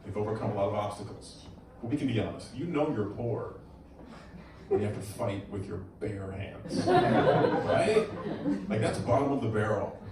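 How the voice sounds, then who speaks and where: A male comedian works the crowd in a live stand-up set, his voice leaping up and down in pitch. It sounds very roomy and distant, as though the mic sat far from the stage. A steady club noise and audience laughter fill the space behind him. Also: moderate pace. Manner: crowd work, animated punchlines.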